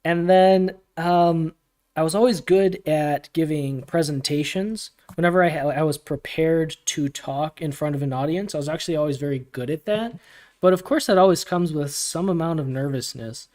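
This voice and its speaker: A man hosting a community livestream Q&A, casual and relaxed, laughing often as he answers questions from chat. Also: on the high side, moderate pace. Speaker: community AMA host.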